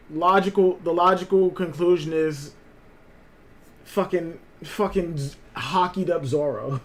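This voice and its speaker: A live-stream host telling a long, rambling family story in casual talk, swearing freely and answering viewers by name. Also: mid-range voice.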